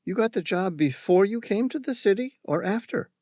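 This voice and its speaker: A man's voice: sits high, lively intonation, normal speed, darkish tone, no echo, studio quality, pitched above the performer's own voice. A male narrator voicing a cheerful young woman who sells coffee from a street truck, in a raised, chirpy voice.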